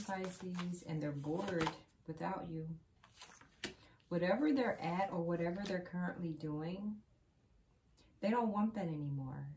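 A woman's voice: on the low side, noisy background. A woman giving a casual tarot reading, chatty and repetitive, talking straight to her viewers. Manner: chatty, repeats phrases, addresses the viewer directly. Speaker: tarot card reader.

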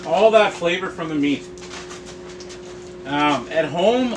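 A middle-aged man with a high-sitting voice hosts a live barbecue cooking tutorial, walking through each step in a friendly way and addressing his viewers as "guys." The recording is rough.

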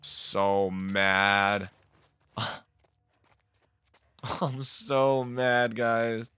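A man commentating his own gameplay, easily startled and loudly frustrated. His voice is bright and forceful, recorded close and dry on a desk microphone. He swears and laughs his way through tense moments. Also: fairly low pitch, drawn-out words, clear, resonant tone, no echo. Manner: jumpy, exasperated, swearing and laughing. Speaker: let's play gamer.

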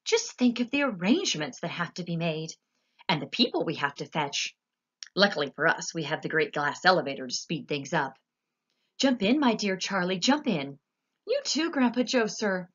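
A woman voicing an eccentric, cheerful male candy maker in a storybook reading, with quick, exclamatory, bubbly delivery. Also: on the low side, sing-song, a bit bright, lo-fi sound. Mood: brisk cheerful. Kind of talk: storybook character voice.

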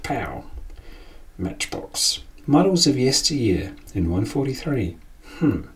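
A man hosts a casual collecting vlog on his channel, coming across as an enthusiastic, chatty storyteller. His medium-pitched voice is sing-song and slow, and he sounds distant from the mic.

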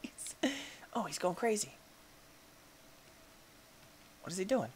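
A man hosting a gaming channel, giving excitable Let's Play commentary and cooing baby talk at his pets. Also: sits high, brisk, crowd noise.

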